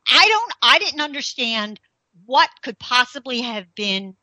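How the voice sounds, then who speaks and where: A woman's voice: a little high, sing-song, measured pace, pushed and bright, no echo, rough recording. A middle-aged woman hosting her own radio talk show, chatting casually and asking incredulous rhetorical questions.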